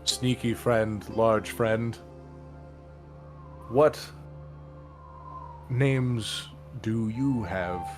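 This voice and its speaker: A big gentle troll chieftain who speaks only a few careful words at a time, voiced by a man running the game. His voice sits on the low side and carries a bit of distance from the mic. Soft background music plays underneath. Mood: halting. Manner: halting broken speech, a few words at a time.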